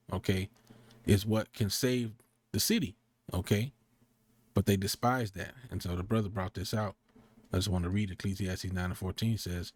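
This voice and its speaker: A man's voice: on the low side, a little mellow. Slangy, profane man preaching. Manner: slangy, profane, rambling asides; slow, deliberate scripture reading. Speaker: street preacher. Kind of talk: casual sermon with scripture reading.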